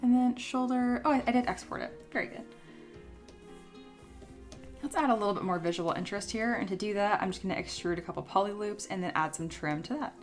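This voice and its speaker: A woman's voice: mid-range voice, brisk. Woman streamer, young adult, chatty tutorial voice, slightly worn voice, faint music behind. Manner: chatty, reads chat aloud and answers. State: voice still recovering from illness. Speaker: sculpting livestream host. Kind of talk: casual livestream tutorial.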